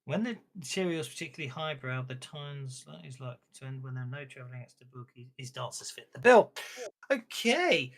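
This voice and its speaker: A game master, narrating a tabletop game in a rambling, halting way. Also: mid-range voice, animated.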